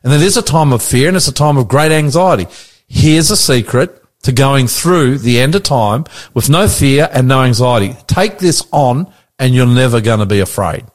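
A man's voice: medium pitch, animated. A man with an Australian accent, a pastor preaching in a radio chat, earnest and often checking that his co-host follows. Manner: earnest, preacherly, asks quick check-in questions.

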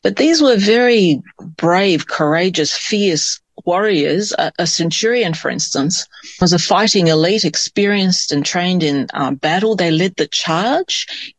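A man's voice: high voice, expressive, a little slow, no room sound. Man reading scripture, dry sound. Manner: reads scripture aloud, then comments thoughtfully. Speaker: Bible study discussant. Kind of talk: Bible study discussion.

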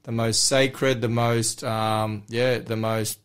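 A man with a croaky, hoarse voice co-hosting a Bible study on the radio, talking earnestly with many fillers and restarts. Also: mid-range voice, little pitch movement, takes it slowly. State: hoarse from a recent illness. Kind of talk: casual on-air Bible discussion. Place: radio studio.

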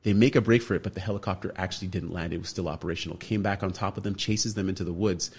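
Husky man telling an animated story. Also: low-pitched, very fast. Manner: animated storyteller, acts out other people's lines. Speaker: radio show guest. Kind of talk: storytelling in a radio interview.

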